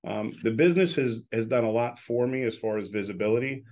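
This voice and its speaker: A man's voice: medium pitch, fairly quick, darkish tone. A man in his sixties, an announcer and business owner, telling stories in a casual interview and acting out the people he quotes. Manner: outspoken, acts out quoted dialogue.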